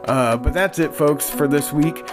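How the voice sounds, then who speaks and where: Over music, a man with a fairly high voice introduces clips on a casual podcast at a measured pace. He narrates solo between the clips in a laid-back, rambling style, chuckling as he goes.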